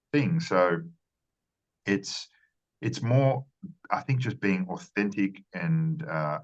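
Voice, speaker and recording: A man with a very low voice gives earnest interview answers. He often repeats words and restarts his phrases. The sound is dull and lo-fi. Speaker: marketing strategist guest.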